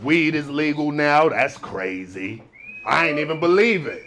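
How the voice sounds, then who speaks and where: A male stand-up comedian doing a club set, loud and animated as he acts out people. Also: fairly high pitch, a little slow, slight background noise. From New York.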